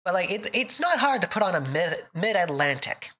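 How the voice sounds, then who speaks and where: A woman's voice: lowish voice, very animated, normal speed, fairly bright tone. A woman with a Boston accent chatting casually on a live stream, giggly and talkative, with a slight lisp on her S sounds.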